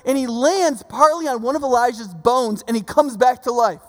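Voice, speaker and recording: A man preaching a casual teaching sermon, telling stories with lively asides and questions to the audience. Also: extremely high pitch, normal speed. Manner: informal, storytelling, asks the audience questions, frequent "right?". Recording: long hall reverb.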